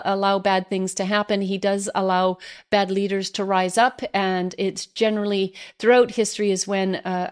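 A Canadian woman hosting an online show, talking earnestly to her viewers with many pauses and fillers. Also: mid-range voice, clean tone. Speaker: host. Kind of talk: direct-to-camera commentary.

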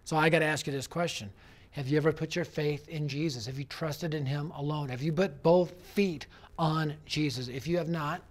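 A middle-aged man, a youth evangelist, telling a personal story as a sermon, acting out voices and dropping low and quiet for serious points. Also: moderate pace.

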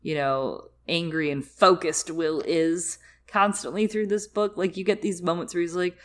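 A woman's voice: fairly low pitch, steady tone, moderate pace, few pauses. A young woman co-hosting a podcast, chatting animatedly about a book with lots of filler words. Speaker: podcast co-host. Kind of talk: casual book discussion.

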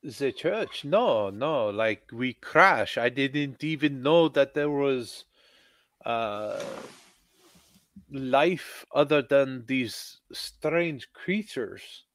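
A man voicing an earnest stranded doctor who speaks in broken, halting English. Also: medium pitch, animated, a bit bright, no room sound, full character voice.

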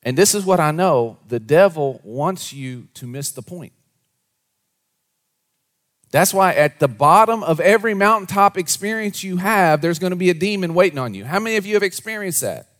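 A pastor delivers a sermon to his congregation at a normal speed. He shifts between quiet, low asides and lively storytelling with a raised voice.

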